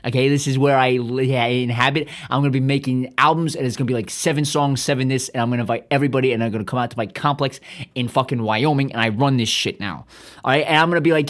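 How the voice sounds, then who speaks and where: A man's voice: medium pitch, fast talker. A man hosting a podcast, delivering a profane, rambling, self-aggrandizing comedic monologue. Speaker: podcast host.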